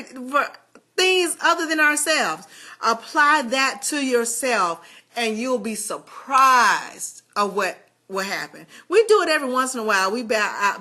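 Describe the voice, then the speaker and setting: A woman from Georgia with a Southern American accent giving a chatty, animated motivational talk straight to her viewers. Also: fairly high pitch. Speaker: motivational vlogger.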